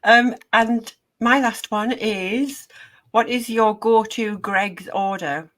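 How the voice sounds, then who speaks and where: A woman's voice: a little high, slow pace, fairly bright tone. A woman hosting a podcast, chatting in an encouraging way and giggling between questions. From North East England. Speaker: podcast host. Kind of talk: casual chat.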